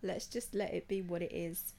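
A woman's voice: fairly low pitch, fairly even intonation, moderate pace, gravelly, mellow. A woman in laid-back casual chat as podcast co-host, swearing now and then.

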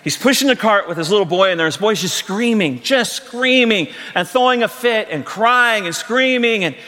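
A middle-aged man preaching a lively, joking sermon as pastor, rising to shouts. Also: high-pitched, normal speed. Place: church sanctuary. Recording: long reverb of a large hall.

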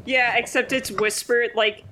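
A woman co-hosting a comedy podcast, chiming in with quick, teasing jokes and laughter. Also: fairly high pitch, steady tone, background noise. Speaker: podcast co-host. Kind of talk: casual banter.

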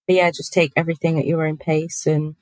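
Guest spot: low-pitched woman, chatty and giggly, dry close-mic sound. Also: little pitch movement, fairly quick, a little mellow, no echo, low-quality recording. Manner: giggly, chatty, many fillers. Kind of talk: casual podcast chat.

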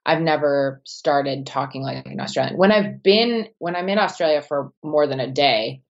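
A young woman with a softened Midwestern American accent talks in an easy, rambling way, full of fillers and quick laughs. Her voice sits very low for a woman. The recording is a little dull and muffled. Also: creaky. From Wisconsin, United States. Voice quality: low-pitched voice. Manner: chatty, laughing, many fillers and restarts. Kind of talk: casual chat.

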